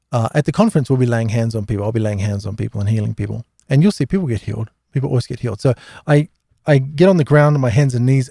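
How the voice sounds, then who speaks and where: Man, middle-aged, live Q&A host: gravelly, rambling storyteller, dry close sound. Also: medium pitch, mellow, dry recording. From Australia. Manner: rambling, anecdotal, many fillers and restarts. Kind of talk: casual religious storytelling talk.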